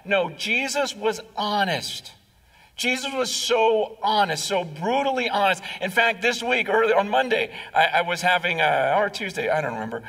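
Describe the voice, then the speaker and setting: A man's voice: sits high, expressive, moderate pace, pushed and bright. A male pastor preaching a conversational sermon, repeating words and acting out quotes. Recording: distant mic in a reverberant hall.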